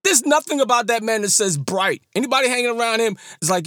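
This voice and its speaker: A man's voice: very high-pitched, animated, fast talker, fairly bright tone, no echo, clean studio sound. A man giving heated political commentary, emphatic and repeating himself, with casual slang.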